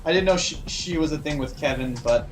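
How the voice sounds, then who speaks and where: Man, esports co-caster, casual analysis, fairly high voice, music in the background. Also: brisk, poor audio. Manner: relaxed analytic co-commentary, filler-heavy. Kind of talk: live game commentary. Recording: music playing behind the voice.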